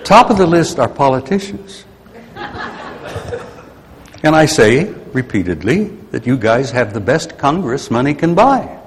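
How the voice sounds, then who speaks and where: A man's voice: mid-range voice, very animated, a little slow, long pauses, a little hiss or hum. An older man giving a rambling, grumpy, folksy talk to an audience. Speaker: speaker addressing an audience. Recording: long hall reverb.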